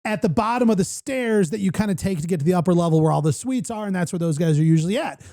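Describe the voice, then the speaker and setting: A man hosting a casual chat show, telling stories excitedly with many fillers and restarts. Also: sits high, fast talker. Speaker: podcast host.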